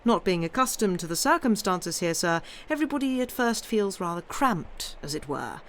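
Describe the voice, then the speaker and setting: A woman's voice: mid-range voice, sing-song, normal speed, a little hiss or hum, natural voice. A woman doing a fawning petty official. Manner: obsequious, adds "sir" constantly.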